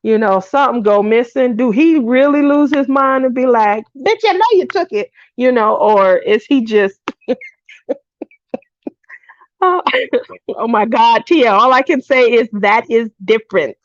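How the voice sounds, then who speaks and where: A middle-aged woman hosting a craft livestream, chatting casually and telling animated stories while laughing often. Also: a little high, a little slow, long pauses, no echo. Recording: dull dry lo-fi stream audio.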